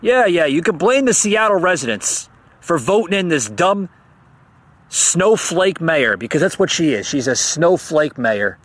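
An agitated man hosts a political rant, his voice pitched a little high. He stammers, repeats himself and turns sarcastic as he works himself up. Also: big pitch swings, a little slow, fairly bright tone. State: heated up. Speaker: podcast host.

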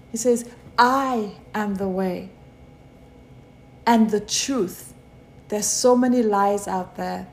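A woman giving a devotional sermon, preaching slowly with many repeated rhetorical questions. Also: medium pitch, gravelly, dark tone, a little hiss or hum. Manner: slow, repetitive rhetorical preaching.

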